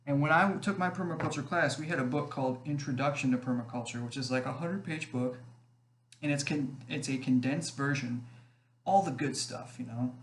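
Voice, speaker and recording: A man rambling casually to camera, often checking in with "okay?" as he goes. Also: mid-range voice. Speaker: online group admin. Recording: echoey room, faint background noise.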